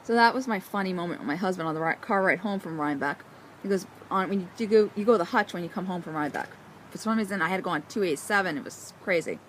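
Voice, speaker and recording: A woman hosting a knitting vlog outdoors, chatting casually in a bubbly, excitable way. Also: on the low side, fast talker, slight background noise. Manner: bubbly and excitable, with frequent laughs. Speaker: knitting vlogger. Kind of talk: casual chat.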